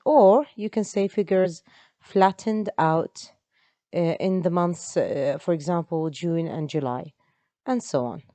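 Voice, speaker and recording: A woman's voice: lowish voice, a little mellow, dry recording. A woman, an English teacher explaining step by step in an online lesson. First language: Arabic.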